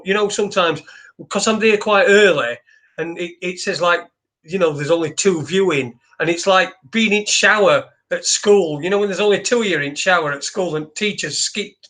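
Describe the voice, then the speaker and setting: A man hosting a solo livestream, talking in a rambling, halting way with lots of restarts and swearing. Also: a little high, a bit bright. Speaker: livestream host. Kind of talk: casual solo livestream chat.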